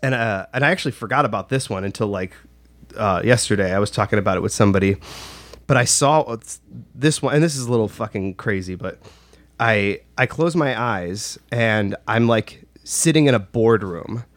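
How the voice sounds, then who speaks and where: A man's voice: fairly low pitch, normal speed, no room sound. A man telling a personal story in casual chat, rambling with lots of "like" and restarts. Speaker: storyteller recounting a personal experience.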